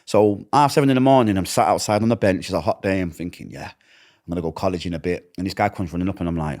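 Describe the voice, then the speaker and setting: A middle-aged man from Manchester, England, with a low, slightly mellow voice and a Mancunian accent, tells stories from his past at a quick, tumbling pace as an interview guest. His retelling is emotional and vivid, acting out each exchange in the voices of the people he quotes.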